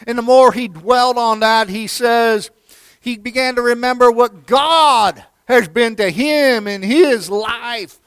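High-voiced guy preaching slow, repeats lines for emphasis, calls everyone friend, smooth clear tone. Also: dry recording. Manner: swings between loud emphatic declarations and hushed near-whispers. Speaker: pastor. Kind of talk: sermon.

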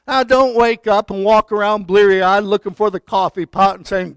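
A man preaching a sermon with fervor, swinging from quiet talk up to shouted declarations. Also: sits high, moderate pace, hardly any pauses, no echo. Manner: fervent, rising to shouted declarations.

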